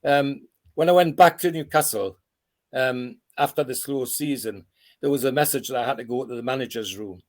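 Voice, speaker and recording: A man's voice: medium pitch, normal speed. A man, a former footballer who reminisces in a rambling way, with restarts and chuckles, over a video call. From Tyneside, North East England. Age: 80s. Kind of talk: casual reminiscing interview.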